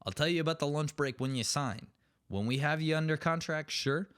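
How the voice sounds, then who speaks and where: A man's voice: a little high, brisk, a bit bright, smooth. A young man hosting a solo comedy podcast, ranting sarcastically with plenty of swearing. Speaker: podcast host.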